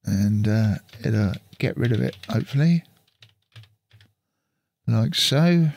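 Speaking slowly and expressively in a lowish, darkish voice with vocal fry, this male channel host talks casually through an on-screen computer setup. He thinks aloud as he goes, captured on a studio mic via an audio interface.

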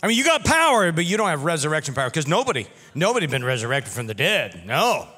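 A man's voice: a little high, wildly swooping pitch, fast, sharp tone, breathy edge, big-room sound. A man preaching a sermon as pastor, talking in a conversational way and stopping for humorous asides.

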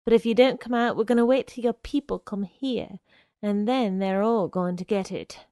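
A woman's voice: medium pitch, normal speed, warm tone, no room sound, studio quality, close to an everyday voice. A woman reading aloud, voicing a pushy young man who coaxes and threatens by turns. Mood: threatening. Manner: wheedling and pushy, slipping into threats. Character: menacing young man, smooth-talking stalker.

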